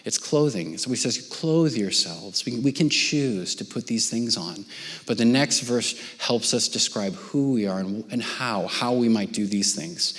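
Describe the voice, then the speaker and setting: A middle-aged man preaches a conversational sermon at a medium pitch, talking to his church as if chatting with friends. He often drops his voice to a soft near-whisper. His words ring out with a long reverb that fills the hall. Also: measured pace. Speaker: pastor. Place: church auditorium.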